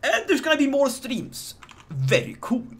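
Animated Swedish streamer man. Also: very high-pitched, measured pace. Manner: joking, animated, talks to chat. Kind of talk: live game stream commentary.

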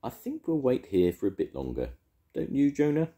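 A man's voice: mid-range voice, wildly swooping pitch, moderate pace, vocal fry, dark tone, pitched above the performer's own voice. A grandad doing a sensible young cabin boy.

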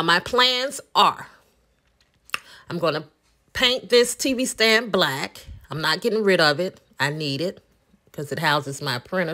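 A woman's voice: lowish voice, fairly bright tone. A woman with a Southern US accent, chatting casually as she walks viewers through a room she plans to redecorate, thinking aloud with frequent ums. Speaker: home decor vlogger. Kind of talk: casual walkthrough chat.

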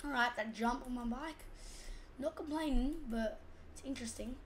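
High-voiced Australian woman, rambling chat. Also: normal speed, a little hiss or hum. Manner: rambling, chatty, easily sidetracked. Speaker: gaming channel host. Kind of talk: casual gameplay commentary.

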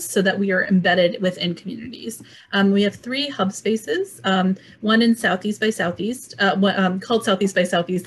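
A woman's voice: medium pitch, breathy edge. A woman presenting an arts and mental health program, speaking earnestly with frequent "um"s. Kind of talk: slide presentation.

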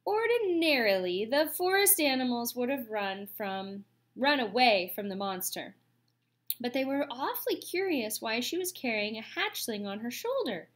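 A woman reading a children's story aloud with expressive, slow storytelling. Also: fairly high pitch. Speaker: audiobook reader.

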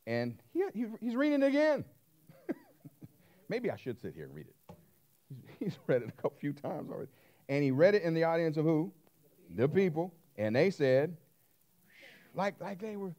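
A man preaching a sermon, animated, swinging between loud and hushed and asking the congregation questions. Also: a little high, moderate pace, pauses often. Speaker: pastor.

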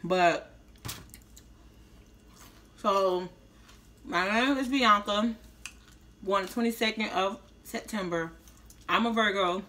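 A woman talks to her viewers in a loose, slangy mukbang chat. She chews between lines and sounds a little slurred. Her voice is bright and forceful, with a middle pitch. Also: slow pace, pauses often. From Tampa, Florida, US. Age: 30s. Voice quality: slightly slurred speech after orthodontist visit. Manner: slangy, chatty, talking while eating. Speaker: vlogger. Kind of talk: casual mukbang vlog chat.

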